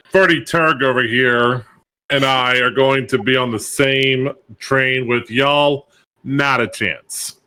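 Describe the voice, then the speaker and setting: A man's voice: medium pitch, sharp tone, poor audio. A man on a game show panel, teasing the other players with wisecracks. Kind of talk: casual banter on a game show.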